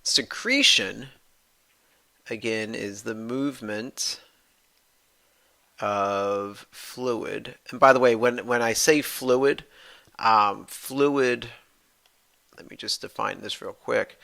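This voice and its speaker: Slow, gravelly man lecturing. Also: mid-range voice, sharp tone. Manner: explanatory, repeats and restates points, frequent fillers. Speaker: anatomy and physiology professor. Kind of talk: recorded lecture.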